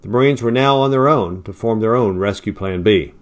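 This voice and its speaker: Man narrating a war story. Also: brisk. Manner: raises pitch and volume for quoted lines, drops low and quiet for tags. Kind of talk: storybook narration with dialogue read aloud.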